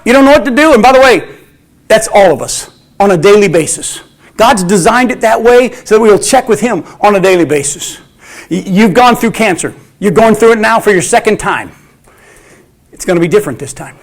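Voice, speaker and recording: Animated high-voiced male preacher. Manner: animated, acts out quoted voices. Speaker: Bible study teacher. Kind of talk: sermon.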